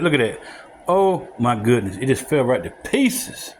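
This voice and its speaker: A man, casually narrating a home cooking video and chatting straight to viewers with excited whoops. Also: mid-range voice, unhurried, slight background noise. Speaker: home cook showing a recipe. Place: home kitchen.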